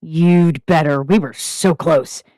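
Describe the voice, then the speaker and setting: A woman's voice: low-pitched, fast talker, no room sound, natural voice. A woman reading a story aloud, voicing a blunt, impatient young man.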